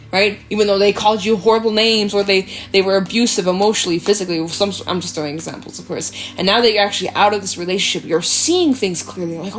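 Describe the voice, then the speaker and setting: A woman giving a casual tarot reading, chatty and animated, swearing freely and acting out quoted voices. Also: mid-range voice. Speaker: tarot reader. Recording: faint background music.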